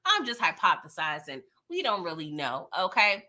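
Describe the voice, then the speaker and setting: A woman's voice: fairly low pitch, very animated, moderate pace, bright, forceful tone. A woman hosting a casual live TV recap, talking in slang, laughing often and acting out scenes in quoted voices. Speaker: YouTube show recap host.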